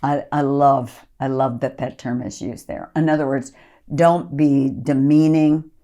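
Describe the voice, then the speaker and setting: A woman's voice: very deep voice, steady tone, unhurried, warm tone. A woman ministry leader giving an earnest podcast teaching talk, reading scripture aloud and coaching listeners.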